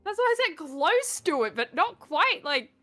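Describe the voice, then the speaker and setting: A woman chatting casually on a livestream, blunt and quick to swear, laughing between remarks. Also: very high-pitched, sing-song, sharp tone, faint music behind. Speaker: stream guest.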